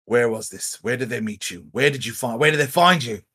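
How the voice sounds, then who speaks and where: A man voicing a gruff, suspicious grown man in a tabletop game, with a low, brooding manner full of questions. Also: brisk, bright, forceful tone.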